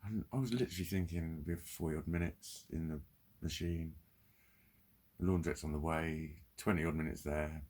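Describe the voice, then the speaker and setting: A man's voice: extremely low pitch, a little mellow, slightly rough. A man delivering a candid, ranting vlog monologue full of swearing. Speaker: vlogger. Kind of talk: confessional monologue.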